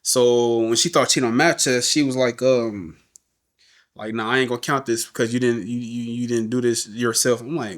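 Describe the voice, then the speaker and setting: A man's voice: medium pitch, normal speed. A middle-aged man, a podcast guest, telling a story in casual talk and acting out the voices of the people he quotes. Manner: animated, acts out quoted voices.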